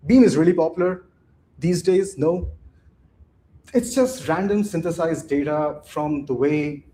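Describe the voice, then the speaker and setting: A man presents a technical talk at a live conference, with a mellow, darkish tone. His delivery is loose and conversational, full of restarts and quick "right?" checks with the audience, and a faint hiss sits under the voice. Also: on the high side. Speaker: conference speaker.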